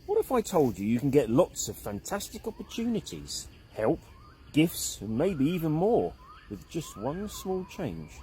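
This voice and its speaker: A man playing a gentle old caveman elder. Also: wildly swooping pitch, slight background noise. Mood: calm. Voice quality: deep and gentle. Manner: soft and unhurried. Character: calm oldest caveman, wise elder.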